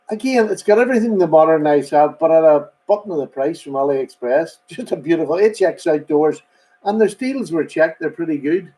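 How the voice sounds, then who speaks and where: Guy on a live stream, slightly high voice, rambly and chatty, says hi to folks by name. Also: darkish tone, rough recording. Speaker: host. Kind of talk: casual live-stream chat.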